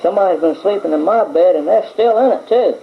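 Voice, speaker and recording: A man's voice: fairly high pitch, animated, brisk, gravelly. A man in his fifties voicing a crying little boy bear cub in a bedtime story, on an old home tape. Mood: tearful. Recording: muffled old home tape with faint hiss.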